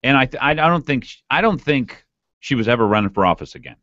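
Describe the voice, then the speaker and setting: A man's voice: medium pitch, fast, no room sound. A man co-hosting a morning talk radio show, talking with enthusiasm in casual banter. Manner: animated, enthusiastic. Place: radio studio. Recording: dull lo-fi dry radio studio sound.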